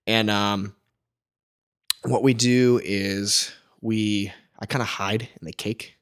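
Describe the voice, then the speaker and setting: A man's voice: lowish voice, slow pace, smooth. A man co-hosting a casual podcast, a wedding photographer telling stories animatedly and peppering his talk with "like". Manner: animated storytelling, frequent "like".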